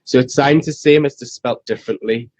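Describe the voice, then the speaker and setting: A man's voice: medium pitch, a little fast, a little mellow, no echo, low-quality recording. A man from Ireland with a thick Irish accent, chatting in a rambling, easygoing way as an interview guest. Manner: chatty, rambling, laughs easily. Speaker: restaurant staff guest. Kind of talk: casual interview.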